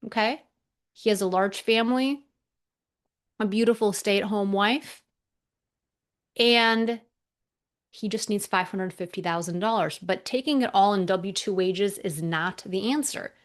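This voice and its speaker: An energetic woman walks through an educational presentation as a tax accountant. She speaks emphatically and stops to ask her audience rhetorical questions to drive her points home. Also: medium pitch.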